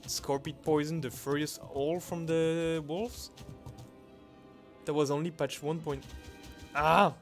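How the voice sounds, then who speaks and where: A man commenting on his gameplay, reading patch notes aloud in non-native English phrasing and breaking into excited exclamations. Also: a little high, slow, long pauses. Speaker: channel host. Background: background music.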